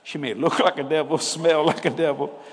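An older man preaching a humorous storytelling sermon in a folksy way. He laughs often and swings between loud bursts and hushed asides. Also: on the high side, steady tone, moderate pace, husky. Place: church hall. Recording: hall reverb with faint background noise.

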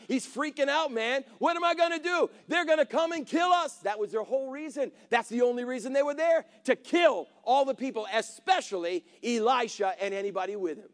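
A man preaching with a strikingly high-pitched voice. He tells the story with energy, acting out the characters and drawing the congregation in with questions. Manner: animated, acts out characters, calls to congregation. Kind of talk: sermon storytelling.

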